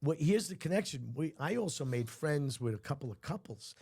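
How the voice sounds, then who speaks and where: A man with a gravelly, creaky voice, spinning casual stories as a guest on a comedy chat show. His pitch rises and falls in a lively way as he acts out the people in his tales. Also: fairly quick.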